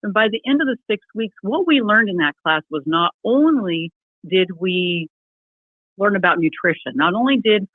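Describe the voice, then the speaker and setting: A woman's voice: medium pitch, normal speed, no room sound. Woman telling her story over a tinny line. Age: middle-aged. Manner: lively storyteller who acts out quoted people. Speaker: guest. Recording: tinny phone-like remote call, dry.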